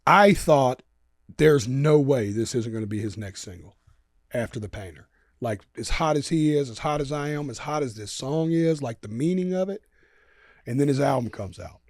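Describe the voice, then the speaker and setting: A man, an animated storyteller who swears freely and acts out quotes in a casual interview. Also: medium pitch, moderate pace, no room sound, studio quality. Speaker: guest musician.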